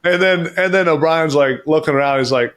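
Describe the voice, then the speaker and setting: A man's voice: fairly high pitch, a little fast, a bit bright. A man in his thirties, a podcast guest, telling stories casually and restarting his sentences often. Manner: rambling storyteller, restarts and repeats phrases. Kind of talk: casual chat.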